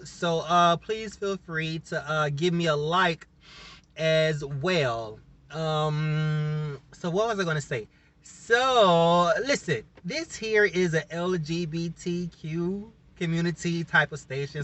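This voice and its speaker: Male vlogger with a Southern US accent, chatty and meandering, talking on his work break; bright, edgy tone. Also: a little high. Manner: rambling, chatty, restarts and repeats himself. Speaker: YouTube channel host. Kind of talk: casual vlog talk.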